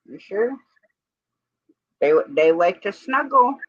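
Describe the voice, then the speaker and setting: A woman's voice: mid-range voice, big pitch swings, takes it slowly, dry recording. A woman co-hosting a live stream in a casual, rambling chat, breaking off now and then to give commands to her dog. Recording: dull lo-fi stream audio.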